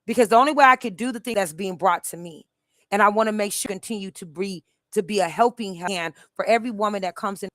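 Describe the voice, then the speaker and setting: A woman's voice: mid-range voice, quick pace, no room sound. Middle-aged woman, live-stream host, emphatic chatty storyteller, dry close sound. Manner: animated, emphatic storytelling with many restarts.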